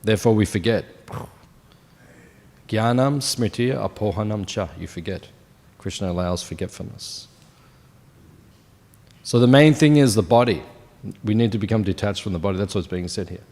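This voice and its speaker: Man in his fifties, lowish voice, chatty class speaker who quizzes the room, long hall reverb. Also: normal speed, long pauses, a little mellow. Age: 50s. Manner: conversational, asks the audience questions. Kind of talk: scripture class talk.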